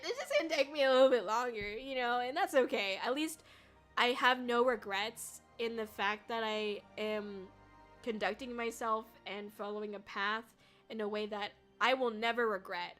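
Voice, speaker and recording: Bright, bubbly young woman streamer. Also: a little high. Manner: bubbly, chatty, laughs often, swears casually; emotional, tearful when thanked. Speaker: VTuber streamer. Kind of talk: casual livestream chat reading viewer comments.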